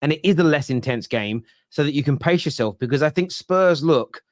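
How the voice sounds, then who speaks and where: A man co-hosting a football podcast, making measured points in a casual debate. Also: on the high side, expressive, no echo, clean studio sound. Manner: measured, reasoned, gently teasing.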